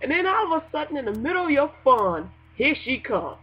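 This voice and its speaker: A woman hosting a casual gospel internet radio show, animated and joking, laughing often between lines. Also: high voice, brisk, hardly any pauses. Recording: dull lo-fi home recording with faint noise.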